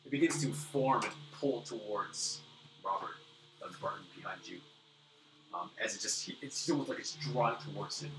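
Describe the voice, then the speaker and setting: A man's voice: fairly low pitch, moderate pace, background noise. A man narrating a tabletop game as game master, loose and descriptive, with fillers. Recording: roomy room, distant mic, background music.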